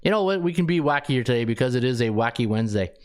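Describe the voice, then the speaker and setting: A man hosting a sports betting podcast in casual chat, rambling and excitable, ranting in bursts and laughing at his own lines. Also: mid-range voice, fast talker, smooth. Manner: ranting, with many restarts.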